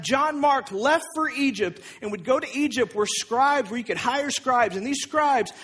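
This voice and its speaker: A man's voice: very high-pitched, fairly bright tone, slightly rough. A man preaching a sermon in a conversational way, with asides and restarts. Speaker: pastor.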